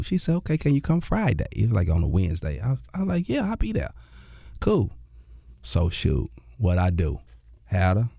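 A male comedian spins a long anecdote in an interview, his pitch leaping wildly as he plays every character and laughs through the punchlines. The sound is close and dry, with no room around it. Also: moderate pace, vocal fry, long pauses, no room sound. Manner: lively storyteller acting out quoted voices, laughing and jumping high in pitch. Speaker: comedian and radio host. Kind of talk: storytelling in a conversational interview.

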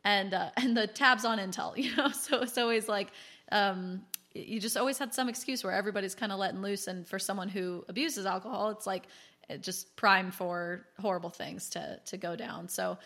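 A woman's voice: mid-range voice, moderate pace. A woman in her thirties, a guest telling her own story in a candid, chatty way and acting out quotes. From California. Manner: chatty, animated, acts out quotes. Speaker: guest, business founder.

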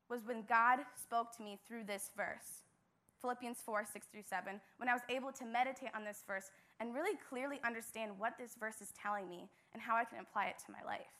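A woman's voice: fairly high pitch, fairly even intonation, a little fast, sharp tone. A young woman, a church intern, giving an earnest devotional message with emphatic repetition.

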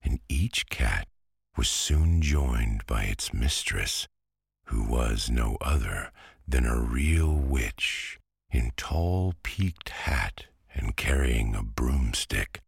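A man narrating a bedtime story with a very deep, gravelly, breathy voice. He reads slowly and gently, recorded close and dry. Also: expressive, dry recording. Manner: gentle, soft-spoken.

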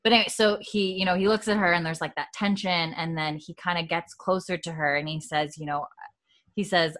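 A woman chatting casually as she retells a TV episode, full of "like" and "you know". Her voice sits fairly low for a woman. She tells it with lively, animated energy. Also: a little fast. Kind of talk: casual chat recapping a TV episode.

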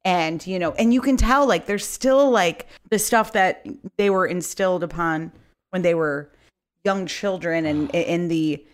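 A woman's voice: on the low side, unhurried. Chatty, frank woman co-host. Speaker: podcast co-host. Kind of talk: casual chat.

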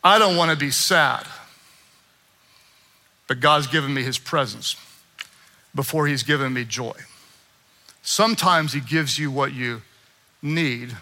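A man preaching a sermon as pastor, leading call-and-response and rising to shouts. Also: mid-range voice. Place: church sanctuary with congregation.

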